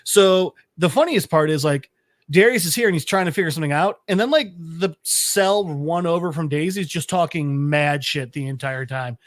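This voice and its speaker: A man on a casual nerd podcast tells a comic's plot with animated energy. He swears freely and breaks into laughter at his own asides. His voice sits a bit high and sounds dry and close, with little room sound. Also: moderate pace, no room sound. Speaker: podcast co-host.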